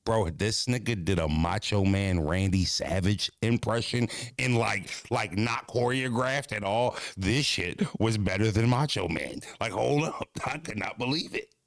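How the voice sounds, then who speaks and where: Laid-back gravelly-voiced male streamer. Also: fairly low pitch, unhurried, few pauses, no echo, studio quality. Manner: laid-back, swears freely, often laughs. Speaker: streamer reacting to clips. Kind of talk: casual reaction chat.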